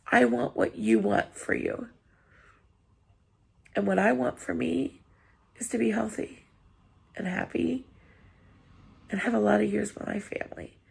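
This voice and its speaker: A woman's voice: on the high side, vocal fry, a little mellow, husky. A woman vlogger, tearful after crying, talking earnestly and apologetically to her viewers, encouraging them. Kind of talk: heartfelt personal vlog talk.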